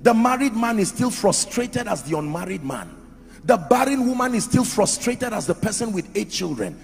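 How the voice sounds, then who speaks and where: A man's voice: high-pitched, lively intonation, moderate pace, gravelly. A man preaching a sermon in an emphatic style, asking the crowd rhetorical questions. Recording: echoey hall with music under.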